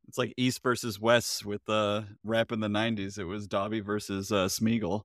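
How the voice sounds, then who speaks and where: A man's voice: lowish voice, flat delivery, normal speed, no echo. A man co-hosting a podcast in casual chat, playful and laughing often. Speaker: podcast co-host.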